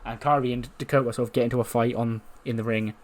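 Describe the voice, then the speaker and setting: A man's voice: medium pitch, fairly even intonation, fast. A man casually narrating a wrestling sim storyline in a rambling way, full of fillers. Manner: rambling, full of fillers, laughs now and then. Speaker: game let's-play host.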